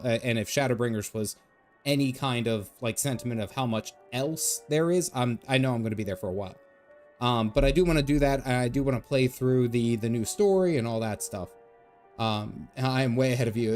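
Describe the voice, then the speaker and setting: A man's voice: medium pitch, fairly quick, a little mellow, soft background music. A man streaming a game, chatting casually and rambling as he answers his chat. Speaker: gaming streamer. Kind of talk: casual live-stream chat while gaming.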